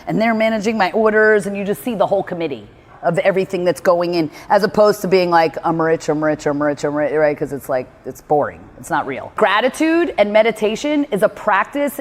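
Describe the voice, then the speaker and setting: Woman, casual motivational talk, rambling, says "like" a lot, mid-pitched, long room echo. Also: lively intonation, fairly quick. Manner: chatty, rambling, heavy use of "like"; acts out her own inner dialogue in quotes. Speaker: motivational speaker on meditation. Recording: reverberant room.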